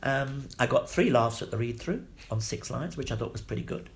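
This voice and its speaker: Older guy, gravelly voice, spinning salty showbiz stories, does all the voices. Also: medium pitch, brisk. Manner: animated, salty, acts out quoted voices. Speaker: actor interviewee. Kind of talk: anecdotal storytelling.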